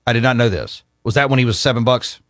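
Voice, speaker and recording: An easygoing man hosting a casual sports talk show, running through rankings and listener texts. His voice sits at an ordinary male pitch. The recording is dry and close, with no room sound. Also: quick pace, dry recording.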